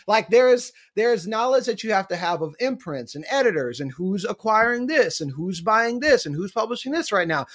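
Young man, guest author, fairly high voice, animated storyteller, casual podcast chat. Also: moderate pace, hardly any pauses. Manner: animated storyteller who acts out quotes.

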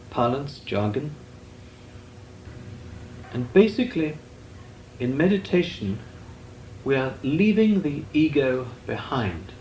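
An older man teaches meditation in a slow, deliberate voice, his pitch rising and falling expressively. The recording is roomy and echoey, with a faint hiss beneath it. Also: darkish tone. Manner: measured, deliberate, with long pauses. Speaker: Benedictine monk teaching meditation. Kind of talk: slow meditative spiritual talk. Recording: echoey room with faint noise.

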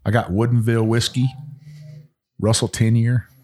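A man's voice: medium pitch, flat delivery, normal speed, darkish tone. A man co-hosting a podcast in casual chat, enthusiastic and rambling, with lots of ums. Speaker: podcast co-host.

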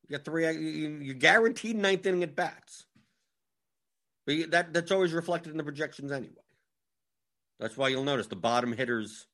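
A man's voice: mid-range voice, a bit bright. A man as fantasy sports analyst, in a casual strategy breakdown, thinking aloud and rattling off lineups. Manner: rapid, scattered, thinks aloud while scrolling lineups.

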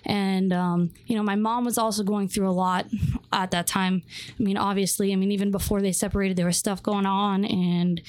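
A woman's voice: mid-range voice, level tone, normal speed, darkish tone, dry recording. A young adult woman telling her life story as a guest, rambling with many fillers and restarts. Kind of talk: personal testimony interview.

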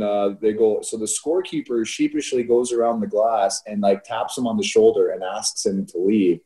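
Animated, low-voiced man telling stories. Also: moderate pace, few pauses. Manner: animated storyteller, laughs through anecdotes, frequent "right?". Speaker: youth hockey coach, podcast co-host. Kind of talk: casual storytelling chat.

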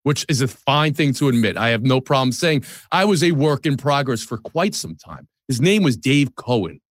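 Man, 40s, from the New York area; sports host type, candid, mid-pitched, dry booth sound. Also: animated, normal speed, dry recording. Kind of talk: podcast conversation.

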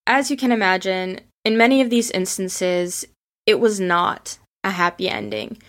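A woman's voice: mid-range voice, normal speed, fairly bright tone. A woman telling history stories casually, with emotion, acting out the voices of the people she quotes. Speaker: history storyteller. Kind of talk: casual spoken history storytelling.

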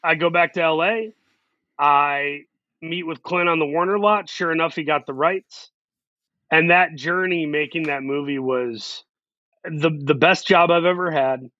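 A male actor being interviewed, telling a story in an animated way and acting out the quotes. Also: on the high side, dry recording. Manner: animated, acts out quotes in quick voices. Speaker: actor guest. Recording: dull lo-fi sound.

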